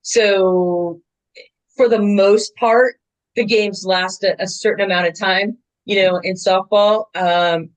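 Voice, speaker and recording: A woman in her sixties, a veteran softball umpire, telling game stories in a chatty, animated way with lots of fillers. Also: mid-range voice, slow, rough recording. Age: 60s. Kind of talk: casual interview storytelling.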